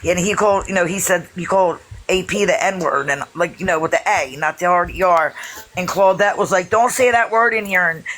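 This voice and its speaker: A woman chatting casually on a live stream, telling a story in an animated way and swearing freely. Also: on the low side, brisk, rough recording. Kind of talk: casual gossip chat.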